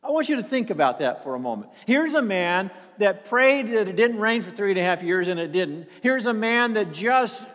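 A man preaching a sermon in an earnest, halting way, often repeating words and sinking to a near whisper for emphasis. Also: high-pitched, expressive, fairly bright tone, big-room sound.

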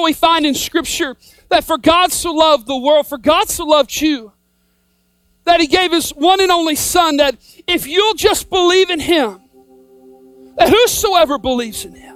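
A woman preaching a sermon, repeating a refrain with rising emphasis and sometimes shouting. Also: extremely high pitch, measured pace, dry recording, faint music behind.

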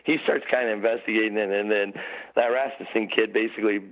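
A man's voice: on the low side, fairly even intonation, fast. A middle-aged man, a podcast guest, telling rambling, laughing stories about the old days with lots of restarts. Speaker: podcast guest, former motorcycle racer. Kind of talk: casual storytelling chat. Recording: tinny phone-like audio.

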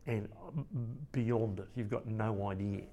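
An Australian man in a podcast interview, telling a rambling, lively story about a friend, with many restarts and acted-out quotes. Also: lowish voice, unhurried, lo-fi sound. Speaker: friend and colleague of the late cartoonist.

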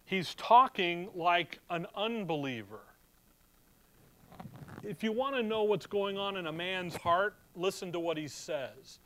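A man's voice: high-pitched, animated, unhurried, sharp tone, slight background noise. A middle-aged man as a pastor, preaching in a conversational way and reading scripture aloud to his church. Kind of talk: sermon.

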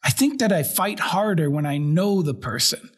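A man putting on a halting Finnish-flavored hockey player. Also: on the high side, lively intonation. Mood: earnest. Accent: mixed Finnish-Swedish put-on.

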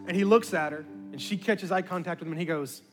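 A man's voice: high voice, fast talker, music in the background. A man pastor telling a story in a sermon, acting out the voices of the people in it. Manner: animated, acts out quoted voices.

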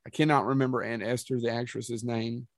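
A man's voice: mid-range voice, little pitch movement, a little fast, dry recording, studio quality. A man co-hosting a podcast, chatting casually in a rambling, tangential way with some profanity. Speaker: podcast co-host. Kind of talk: casual chat.

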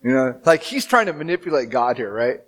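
A man in his thirties preaching a sermon as pastor, telling the story with animated, dramatic acted-out quotes. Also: medium pitch, a little fast.

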